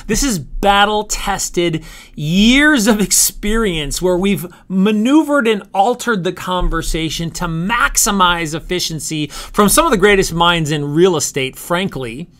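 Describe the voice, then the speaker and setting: A man coaching real estate agents on calling scripts, talking emphatically with deliberate pauses and reading script lines aloud. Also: high-pitched, lively intonation, fairly bright tone. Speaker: sales coach. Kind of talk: coaching talk on cold-call scripts.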